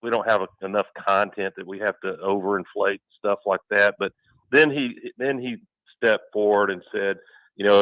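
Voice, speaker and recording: A man's voice: lowish voice, steady tone, moderate pace, a bit bright, no echo, rough recording. A man co-hosting sports radio in casual talk, analytical and fond of building vivid game scenarios.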